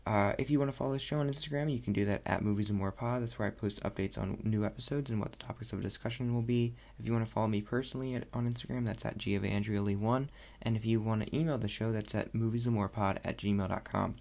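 Young man rambling casually, gravelly voice. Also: on the low side, fast. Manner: rambling, animated, many fillers. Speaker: podcast host. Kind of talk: casual solo podcast chat.

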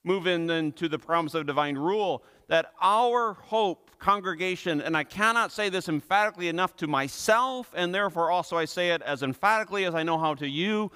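A pastor preaching a sermon to his congregation, earnest and emphatic, slowing down and repeating phrases for stress. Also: high-pitched, sharp tone, smooth. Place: church.

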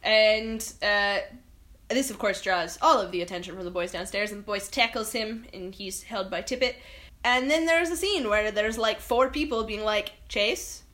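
A woman's voice: mid-range voice, a bit bright. A woman co-hosting a casual podcast, wryly recapping a film and quoting its characters. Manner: wry, quotes characters in quick voices. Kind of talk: casual chat.

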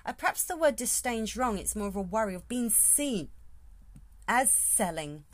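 A woman's voice: a little high, expressive, normal speed. A woman hosting her podcast in a casual, rambling solo talk, thinking aloud as she goes. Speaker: podcast host.

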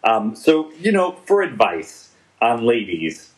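A man's voice: medium pitch, sing-song, measured pace, poor audio. A man in his forties co-hosting a podcast, chatting casually and joking as he rambles through a TV episode with lots of restarts. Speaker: podcast co-host. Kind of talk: casual chat reviewing a TV episode.

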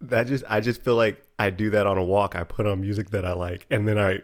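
A man co-hosting a podcast in casual chat, an animated storyteller who swears freely. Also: fairly low pitch, fairly quick. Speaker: podcast co-host.

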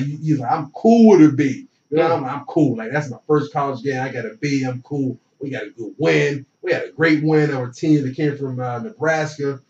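A young man telling a college football story in relaxed, slangy talk, acting out what others said. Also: mid-range voice. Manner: relaxed, slangy, animated retelling with quoted dialogue. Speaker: former football player, guest. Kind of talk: casual storytelling. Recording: roomy, distant, dull lo-fi sound.

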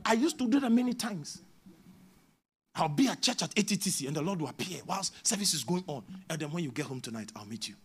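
Preaching as a prophet, this man speaks in a high, husky voice with a Ghanaian English accent. His sermon shifts between quiet asides and loud, shouted exhortations.

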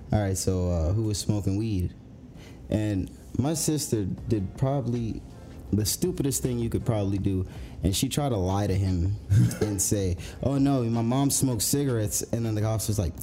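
Mellow-voiced man chatting casually. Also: on the low side. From Massachusetts. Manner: relaxed, rambling storytelling. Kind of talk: casual chat.

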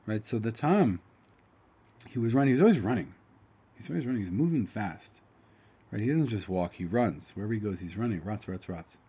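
Man, teacher, translating a story aloud, mellow warm tone, halting with fillers. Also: on the low side, lively intonation, slightly rough. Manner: halting, with fillers and self-corrections. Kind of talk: reading and translating a story line by line.

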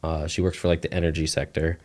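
Low-voiced man telling a casual story. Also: fast. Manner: relaxed, rambling, heavy use of "like" fillers. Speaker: guest sharing a testimony.

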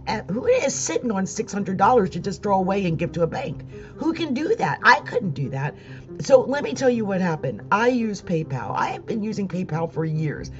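A middle-aged woman, an astrologer, telling an upset, rambling story about money troubles and fighting back tears. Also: lowish voice. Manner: upset, rambling, restarts sentences. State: near tears. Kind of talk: personal vlog monologue. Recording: dull lo-fi sound with faint music.

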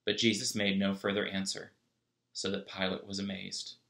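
A man reading scripture aloud in a church, steady and measured. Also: low-pitched, gravelly. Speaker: scripture reader.

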